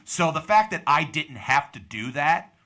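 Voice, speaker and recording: Young male podcast host, lively storyteller, very bright forward voice. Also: a little high, a little slow. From Pittsburgh, USA. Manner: animated storyteller, acts out quoted people. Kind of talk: casual chat, storytelling.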